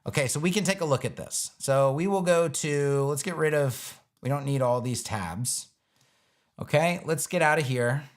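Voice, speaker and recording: A man's voice: a little high, normal speed. A man teaching web design on a live stream, talking casually through each step as he builds a page on screen.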